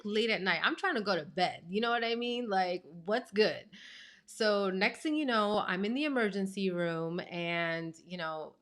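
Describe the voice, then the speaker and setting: A woman in her thirties speaking to camera as a life coach, at a medium pitch for a woman. She tells her story casually and expressively, leaning hard on "like" and "you know" and stressing the key words. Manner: chatty, fills speech with "like" and "you know"; expressive, emphatic retelling.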